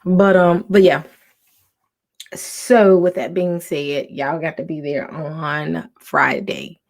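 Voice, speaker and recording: A woman hosting a casual livestream from home, talking softly with many ums and restarts. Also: low voice, lively intonation, takes it slowly. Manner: soft, half-whispered talk with many ums and restarts. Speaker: livestream host.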